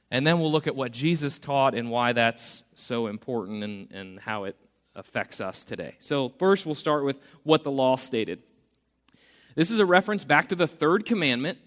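A man's voice: medium pitch, fairly bright tone, big-room sound. A male pastor preaching a conversational sermon with light humor. He often breaks off mid-sentence to restart and rephrase.

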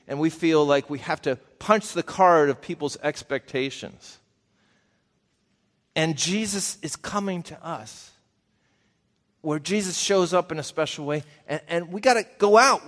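A man preaching a conversational Bible teaching, folksy and talking straight to his listeners with questions. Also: on the high side. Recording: long reverb of a large hall.

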